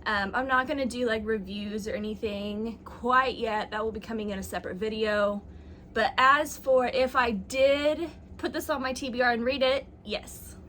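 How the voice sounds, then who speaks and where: A woman's voice: a little high, steady tone, normal speed, fairly bright tone, a little hiss or hum. A young woman talking casually on camera about her reading, chatty and self-mocking, with plenty of likes and ums. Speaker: booktuber. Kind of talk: casual chat.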